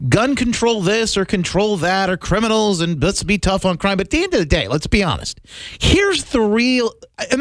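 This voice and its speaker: A man hosting a talk show interview, speaking emphatically with frequent halting restarts. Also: high voice, no room sound. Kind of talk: live interview chat.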